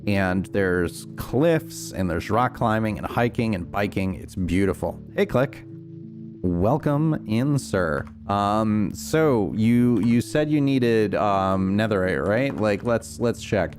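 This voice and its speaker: Man, low voice, casual stream chatter, rambling, um-filled, faint music behind. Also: expressive, slow, darkish tone. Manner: rambling, chatty, answers chat with frequent fillers. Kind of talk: casual livestream chat while playing.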